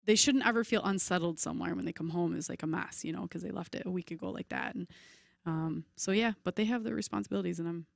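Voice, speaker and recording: A woman in her forties, a podcast guest in casual chat, telling lively stories and acting out voices. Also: fairly low pitch, fast talker, vocal fry, no room sound, studio quality. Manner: chatty, animated storyteller, acts out voices.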